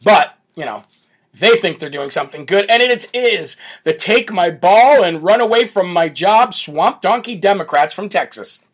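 Brash male political host, high voice, mocking rants from a home setup. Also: lively intonation, moderate pace, breathy edge. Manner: brash, mocking, laughs often. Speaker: political talk show host.

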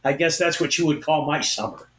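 Podcast co-host, male, lively storyteller, slightly high voice, roomy echo. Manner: animated, acts out quotes of others. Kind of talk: casual storytelling.

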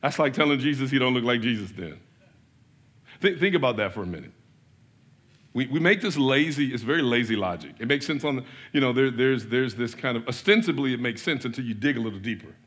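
Husky-voiced man preaching a sermon. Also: mid-range voice, brisk. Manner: animated, with rhetorical questions and big swings in loudness. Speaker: pastor.

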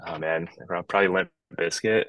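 A man from Northern Ontario, a guest musician on a podcast, talking outdoors in his yard over a video call, relaxed and rambling with frequent restarts. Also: deep voice, brisk, highs cut off, a loud crowd, very noisy. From Northern Ontario, Canada. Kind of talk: casual podcast chat.

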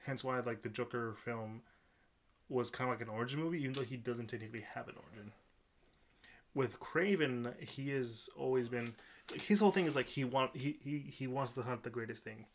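A man's voice: mid-range voice, fairly quick, a little hiss or hum. A man co-hosting a casual podcast, rambling and often restarting his sentences. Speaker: podcast co-host. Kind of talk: casual chat.

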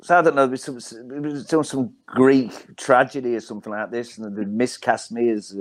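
A middle-aged man with a broad Hull accent spins a long comic anecdote, looping back on himself with plenty of ums and repeated starts. His voice sits at an ordinary middle pitch for a man, and he talks in a loose, chatty way. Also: steady tone, moderate pace. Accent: Hull, Yorkshire. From Hull, England. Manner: rambling anecdotes with many ums and self-repeats. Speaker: stand-up comedian guest. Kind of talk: casual storytelling on a podcast.

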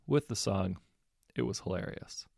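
A man narrating a fan fiction audiobook in a steady, wry storytelling manner. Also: sits low, unhurried, creaky, no echo, studio quality.

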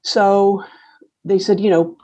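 A woman's voice: mid-range voice, steady tone, slow pace, mellow, dull audio. A middle-aged woman in a casual interview, telling her story in a rambling, wry way with many fillers and restarts. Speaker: coffee roaster and business owner.

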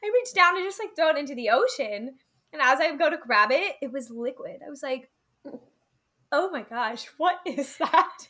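A woman's voice: high voice, expressive, a little fast, sharp tone. A young woman co-hosting a podcast, telling stories in casual chat, giggly and full of "like"s. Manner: giggly storytelling, many "like"s. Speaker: podcast co-host.

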